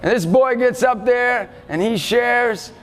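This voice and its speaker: A male motivational speaker giving an energetic talk to students, often shouting to rally them. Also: very high voice, slow pace. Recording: reverberant hall, faint music behind.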